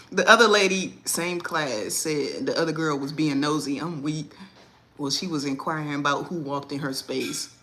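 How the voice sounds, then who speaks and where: Lively woman chatting on a livestream. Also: sits low, moderate pace, slight background noise. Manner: animated, laughs often, slangy. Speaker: livestream host. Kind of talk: casual livestream chat.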